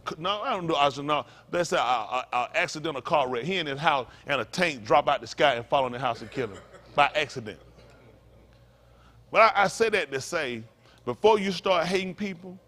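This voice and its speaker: Pastor guy preaching loud and fiery, high voice that swings all over, keeps repeating himself. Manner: fiery, emphatic, repeats phrases, mocking asides. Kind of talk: preaching to a congregation.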